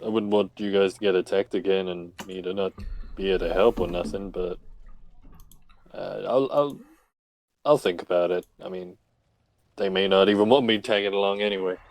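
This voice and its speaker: A shy, brawny fellow who stammers through his words and keeps putting himself down, as a male player voices him. The voice sits fairly low and dry, close to the mic. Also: fairly even intonation, normal speed, darkish tone, no room sound. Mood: humble. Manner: stammering, self-deprecating. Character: shy brawny man, humble and awkward.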